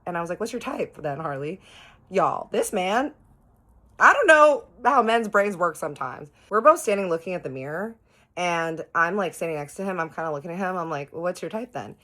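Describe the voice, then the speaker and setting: Low-voiced woman telling a story. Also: animated, a little fast, sharp tone. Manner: chatty, addresses viewers directly. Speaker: storytime host. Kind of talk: storytime vlog.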